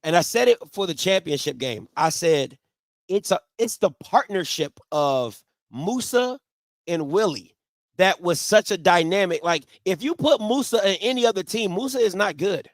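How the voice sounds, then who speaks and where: A man's voice: high-pitched, lively intonation, moderate pace, dry recording. A man hosting a sports talk show, debating football in an emphatic style and repeating his points.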